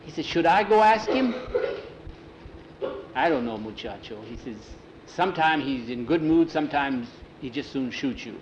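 A man telling a story aloud in a relaxed, folksy way, dropping into broken-English voices for the characters. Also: on the high side, normal speed, muffled recording. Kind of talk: oral storytelling, voicing characters. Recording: roomy, faint ambient noise.

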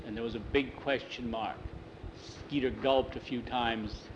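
A man telling a story in an unhurried, drawn-out way and acting out the characters' dialogue. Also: mid-range voice, steady tone, slight background noise, poor audio. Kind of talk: told story with acted dialogue.

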